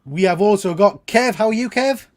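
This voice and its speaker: A man hosts a casual chat with friends, teasing them and laughing often. His voice sits high. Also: animated, moderate pace. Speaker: host.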